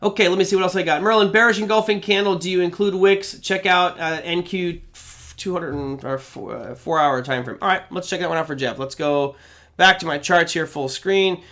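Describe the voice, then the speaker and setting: His voice is high, bright and forceful, and he speaks a little fast while hosting a live trading Q&A. This middle-aged man casually walks through his approach, reading out viewers' questions along the way.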